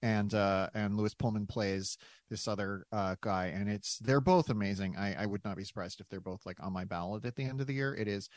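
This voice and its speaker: Low-voiced earnest male podcast host. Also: fairly quick, no echo, studio quality. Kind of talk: casual chat.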